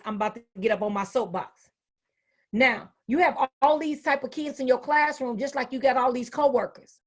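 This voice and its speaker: A woman in her fifties, a retired school administrator, giving an animated, folksy talk to educators. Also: sits high. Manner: animated, folksy, acts out quoted voices. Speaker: educational speaker. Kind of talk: motivational talk.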